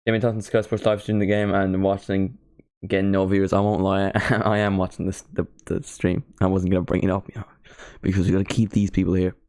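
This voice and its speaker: A man's voice: low voice, little pitch movement, brisk, darkish tone, no echo, studio quality. A teenage man from Ireland with an Irish accent, chatting casually and self-mockingly while hosting a football watchalong stream. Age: teens. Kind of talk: casual live-stream chat.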